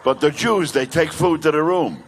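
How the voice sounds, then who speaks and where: An older male comedian doing stand-up, telling brash rapid-fire jokes. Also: on the high side, slight background noise.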